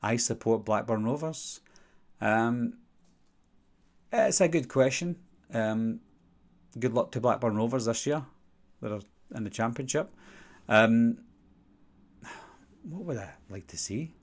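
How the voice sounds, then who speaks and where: A young channel host from Scotland, speaking in a Glaswegian accent, uses an animated mid-range voice, going slowly and pausing often. He rambles casually through viewer questions on a live stream Q&A, his speech full of fillers.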